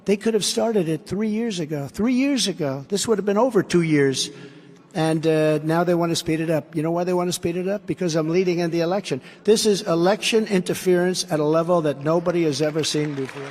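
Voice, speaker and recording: A man with a notably high voice delivers a campaign rally speech from a podium microphone. He is combative and repeats his points, with sarcastic asides. His words ring through a large arena with a long reverb. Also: fairly quick, darkish tone. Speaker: politician addressing a rally.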